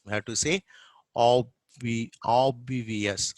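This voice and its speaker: A middle-aged man with a Telugu-influenced Indian English accent leads a pronunciation lesson, speaking very slowly. He repeats words one by one and draws out the vowels. The recording is dry and close. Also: medium pitch, steady tone, no echo. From Telugu-speaking South India.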